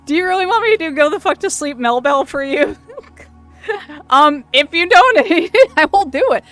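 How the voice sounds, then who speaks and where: A woman hosting a casual livestream, chatty and quick to laugh, often stumbling and restarting her words. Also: sits high, lively intonation, fairly bright tone, soft background music. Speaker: streamer host.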